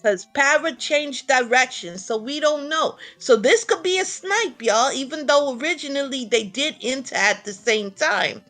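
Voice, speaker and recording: Woman, New York accent, excitable game commentator, laughs a lot, slightly high voice. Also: normal speed, hardly any pauses, soft background music. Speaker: tournament commentator.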